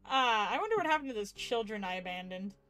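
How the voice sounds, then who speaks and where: A woman's voice: a little high, very animated, fast talker, over music. Giggly woman streamer reading a visual novel. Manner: giggly, swears casually, chats with viewers. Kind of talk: live game stream chat and reading aloud.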